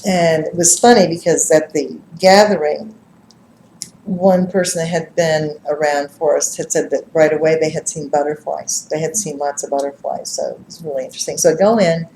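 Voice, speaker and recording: Animated woman in an echoey room. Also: low-pitched, normal speed, a little hiss or hum. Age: middle-aged. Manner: animated, laughs and acts out quotes. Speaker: psychic reader and speaker. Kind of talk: casual storytelling to a live group. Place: live-streamed gathering room.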